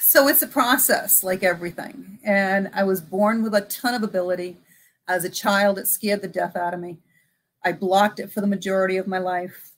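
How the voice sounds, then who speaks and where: Middle-aged woman, psychic medium, casual interview, animated storytelling, plays both sides of dialogues, average pitch. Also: normal speed. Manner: animated, acts out both sides of remembered conversations.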